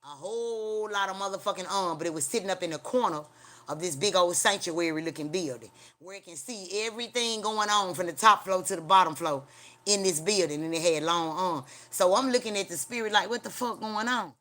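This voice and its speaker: A woman with a slightly low voice hosts a casual livestream. She tells a story in a loose, rambling way and swears freely. She pads her sentences with filler sounds and turns to address her viewers. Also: a little fast, fairly bright tone. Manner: rambling, profane, repeats filler like "da, da, da"; chats directly to her viewers. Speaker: livestream host.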